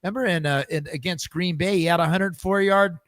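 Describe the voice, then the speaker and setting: A man hosting a casual podcast, his voice sitting a little high. He tells stories eagerly, stumbling over restarts and repeated words. The sound is dry and close. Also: brisk, dry recording. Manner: lively storyteller, many restarts and repeated words. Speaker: podcast host. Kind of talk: casual chat.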